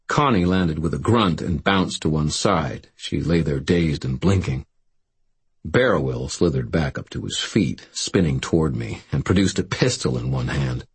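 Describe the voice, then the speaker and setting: A man reading a first-person story aloud as an audiobook narrator, telling it in a steady storytelling way. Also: deep voice, husky.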